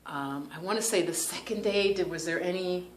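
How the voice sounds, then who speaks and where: A woman's voice: on the low side, normal speed, slight background noise. Chatty New woman telling a story. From New York. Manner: chatty, animated, laughs often, many "like" fillers. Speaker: yoga and meditation vlogger. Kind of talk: casual storytelling to camera.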